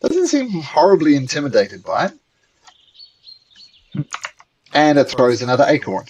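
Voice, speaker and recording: A game master narrating a tabletop game in a relaxed, hesitant way. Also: medium pitch, unhurried, dull audio, slight background noise.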